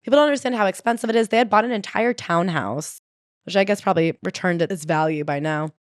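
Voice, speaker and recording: A woman co-hosting a casual book-club podcast, jokey and animated, reading quotes aloud. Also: medium pitch, quick pace, dry recording, studio quality. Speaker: podcast co-host.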